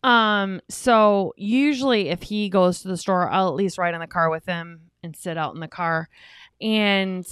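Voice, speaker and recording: A woman's voice: lowish voice, a little slow, a bit bright, clean tone, no room sound, clean studio sound. A woman co-hosting a couples podcast, telling a long, rambling story in a chatty way. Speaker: podcast co-host. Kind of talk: casual podcast talk.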